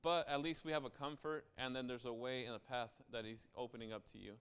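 Smooth-voiced man preaching conversationally. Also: medium pitch, steady tone, fast, fairly bright tone. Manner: conversational preaching with frequent "right?" asides. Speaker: pastor. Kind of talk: sermon.

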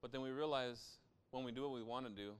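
A man's voice: mid-range voice, fast, smooth. A young adult man preaching a sermon as pastor, in a conversational style with frequent asides to the listeners.

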